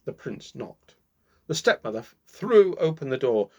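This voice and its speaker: Slow, expressive male storyteller. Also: medium pitch, muffled recording. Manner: slow, expressive reading with dramatic pauses. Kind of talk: fairy tale read-aloud.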